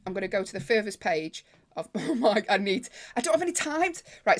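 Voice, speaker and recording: A woman comedian, telling a lively anecdote in casual podcast chat. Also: medium pitch, fairly quick. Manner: lively anecdote-telling, acts out other people.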